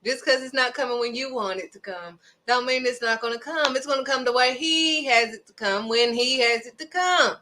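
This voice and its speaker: A woman delivers a casual devotional talk with a bright, forceful tone. She is emphatic and keeps pressing her point with rhetorical questions. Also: fairly high pitch, normal speed, hardly any pauses. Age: adult, raising children. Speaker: host of a devotional video.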